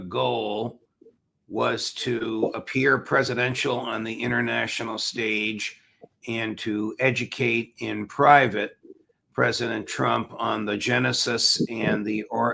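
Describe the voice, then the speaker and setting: An older man hosting a commentary interview show, asking measured, probing questions. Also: medium pitch, vocal fry, pushed and bright, slight background noise. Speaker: host.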